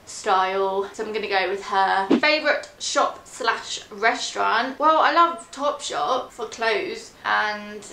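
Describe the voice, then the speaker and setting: A woman's voice: mid-range voice, takes it slowly, creaky, few pauses, reverberant, noisy background. A young woman from England, chatting casually and self-deprecatingly through a question tag on her fashion vlog. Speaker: fashion vlogger.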